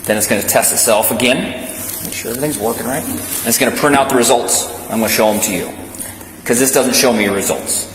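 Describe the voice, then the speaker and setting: A male police officer calmly giving a detainee step-by-step instructions. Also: mid-range voice, fairly quick. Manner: calm, reassuring, step-by-step. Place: police station room. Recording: echoey room with loud background hum.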